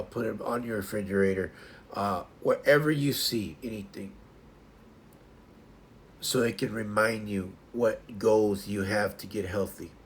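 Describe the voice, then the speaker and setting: A man's voice: lowish voice, slight background noise. A man hosting a casual morning livestream, chatting to viewers in a rambling way and often restarting his sentences. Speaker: livestream host.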